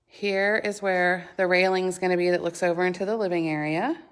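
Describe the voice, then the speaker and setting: A woman's voice: fairly low pitch, fairly even intonation, brisk. A woman giving a chatty, gushing home tour vlog inside a house under construction, filmed on a handheld phone. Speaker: homeowner vlogger.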